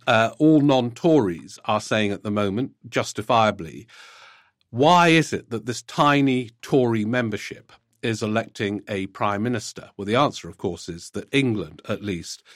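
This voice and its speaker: A man with a fairly low voice hosts a podcast, reading listener letters aloud and answering them with hesitant, filler-laden commentary. The sound is close and dry, with no room around it. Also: no room sound. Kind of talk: conversational political commentary.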